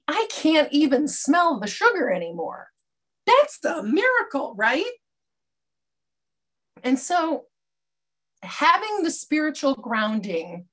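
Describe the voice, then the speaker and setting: A middle-aged woman giving an earnest, reflective personal testimony about her recovery, often restarting her sentences. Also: on the high side. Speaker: speaker sharing a personal recovery story.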